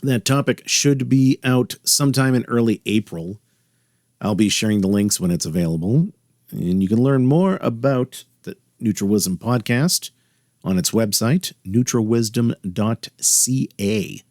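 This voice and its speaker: A man's voice: medium pitch, expressive, normal speed, a little mellow, no echo. A man hosting a solo podcast, talking in a dry, sardonic way with wry asides. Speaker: podcast host.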